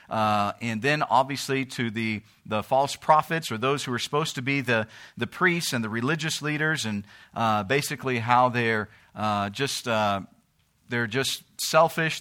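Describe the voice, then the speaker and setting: A man preaching a sermon who reads scripture aloud, then explains it in casual speech with fillers and restarts, his voice rising when he pleads. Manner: reads scripture in King James English, then explains with fillers and repeated phrases; grows louder and higher when pleading or quoting. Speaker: pastor.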